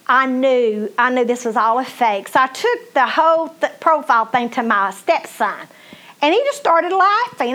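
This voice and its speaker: High-voiced woman preaching a testimony. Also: fairly bright tone. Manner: folksy, emphatic preaching with direct address. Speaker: minister. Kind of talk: testimony sermon.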